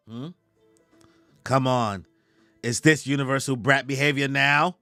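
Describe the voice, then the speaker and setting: A young man reacting live to a comic chapter, reading its lines aloud in slangy, animated casual talk and laughing often. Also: mid-range voice, normal speed, pauses often, no room sound, faint music behind. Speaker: streamer reacting to a manga chapter.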